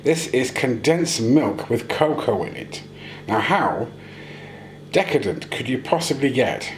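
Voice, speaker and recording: A man's voice: medium pitch, sing-song, a little slow, roomy sound, a little hiss or hum. A British man cooking at home and chatting casually to the camera, making self-deprecating jokes as he goes. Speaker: vlogger. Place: home kitchen.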